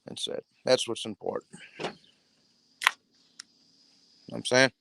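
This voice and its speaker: A man's voice: medium pitch, slow pace, vocal fry, bright, forceful tone. A man hosting a boxing talk show, rambling casually and swearing, calling his viewers "bro". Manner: profane, streetwise, talks to viewers as "bro".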